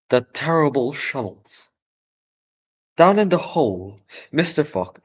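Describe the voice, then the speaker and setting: A man giving a live audiobook reading of a children's story, breaking off into chatty, casual asides and correcting his own slips. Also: lowish voice.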